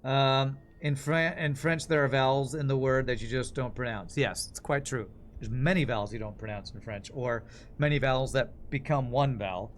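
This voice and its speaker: A man's voice: medium pitch, steady tone, moderate pace, a little hiss or hum. Man musing while streaming a game. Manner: rambling, musing. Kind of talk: casual gameplay commentary.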